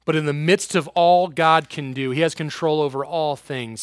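A man preaching an informal youth sermon in casual slang, swinging between loud and hushed. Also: fairly high pitch, normal speed, hardly any pauses, no room sound, studio quality.

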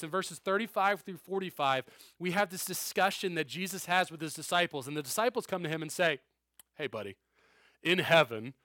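A man's voice: on the high side, fairly bright tone, no room sound, clean studio sound. A man preaching a sermon in a conversational style, often checking in with the listeners. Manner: conversational preaching, frequent "okay?" asides. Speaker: pastor.

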